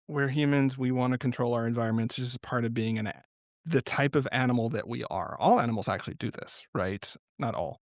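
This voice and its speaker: A man of ordinary pitch talks as a podcast guest, drifting between reflective thoughts and lively little stories. He laughs often as he explains things. The recording is close and dry, with no room sound. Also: creaky, no echo. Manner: reflective, animated storytelling with frequent laughs. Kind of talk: unscripted podcast conversation.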